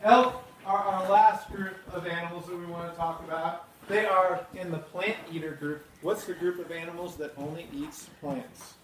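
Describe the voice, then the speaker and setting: An outdoor school educator teaches a class of young children with question after question. The voice sits in the middle range and sounds distant. It echoes around a roomy space with steady noise. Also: medium pitch, moderate pace, few pauses. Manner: quizzing, praising answers.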